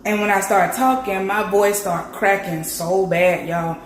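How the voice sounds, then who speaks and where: A woman vlogger with a raspy, hoarse voice from a sore throat, chatting straight to her viewers. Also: mid-range voice, steady tone, measured pace, reverberant, a little hiss or hum. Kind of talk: casual vlog chat.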